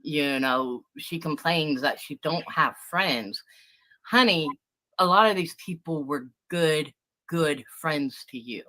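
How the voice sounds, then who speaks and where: A woman unloads a heated, swear-filled rant on a livestream, confronting someone who crossed her. Her voice is low-set but bright and forceful. She sounds blunt and combative throughout. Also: slow, low-quality recording. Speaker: livestream guest venting about a former friend. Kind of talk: angry ranting livestream talk. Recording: livestream audio.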